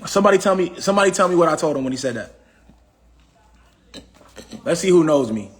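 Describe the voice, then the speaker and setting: Brief: high-pitched man, AAVE, preachy livestream motivational speaker, repeats himself. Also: animated, moderate pace. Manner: preachy, repetitive, asks the audience questions. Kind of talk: casual motivational talk.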